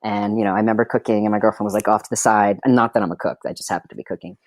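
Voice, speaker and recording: A man's voice: on the low side, fairly even intonation, racing, no room sound, studio quality. A middle-aged man, a filmmaker guest, telling personal stories in a wry, chatty way full of filler words. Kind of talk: candid personal storytelling.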